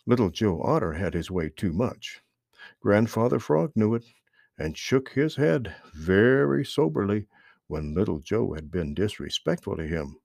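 Male storyteller for kids' audiobook, gravelly, pitch all over the place. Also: measured pace, no echo, studio quality. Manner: expressive, animated reading. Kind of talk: storybook reading aloud.

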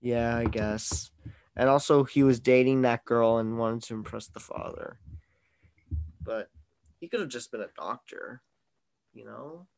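A man's voice: mid-range voice, a little slow, creaky, long pauses, a little mellow. Opinionated man reviewing films. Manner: opinionated, teasing, mock-exasperated. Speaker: podcast host. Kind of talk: casual movie review chat.

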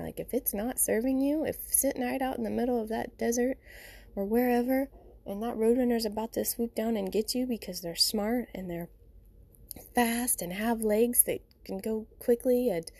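Her voice is a little high, warm, and husky as she hosts a podcast from home. The woman rambles through a casual, reflective monologue, often dropping "you know" and "you guys."

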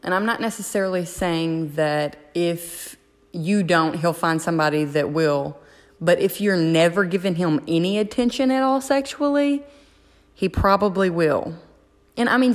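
A woman's voice: fairly low pitch, moderate pace, in a large hall. A woman hosting a casual solo podcast, giving blunt, profane, frank advice. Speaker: podcast host.

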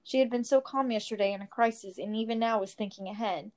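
A woman reading a fantasy story aloud in a steady, expressive storytelling manner. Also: on the high side, fast. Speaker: story reader. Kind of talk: reading fan fiction aloud.

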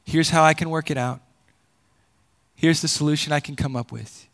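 A man preaching a sermon, repeating words as he builds a point and swinging between loud emphatic peaks and low quiet drops. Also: fairly even intonation, normal speed. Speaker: pastor.

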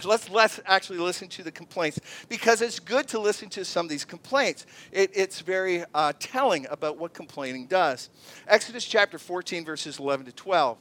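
A man preaching a sermon with a notably high voice. He tells stories with lively energy, dropping softer and then rising as he acts out other people's voices. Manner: animated storytelling, acts out voices. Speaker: pastor.

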